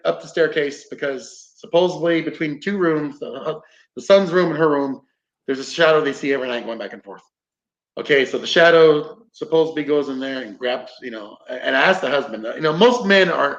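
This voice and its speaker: A man's voice: a little high, fairly bright tone. A man casually telling a paranormal investigation story, rambling, swearing freely and acting out what people said. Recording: roomy, dull lo-fi podcast audio.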